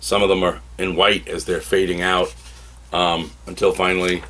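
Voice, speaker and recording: A man reviewing comic books in a casual, animated way, now and then acting out characters' lines. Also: deep voice, normal speed.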